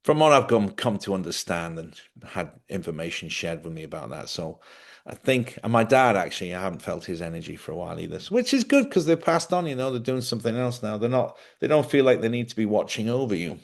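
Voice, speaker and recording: A man's voice: fairly low pitch, big pitch swings, brisk, vocal fry. A middle-aged man hosting a live stream, telling rambling stories in casual chat. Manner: rambling anecdotal storytelling.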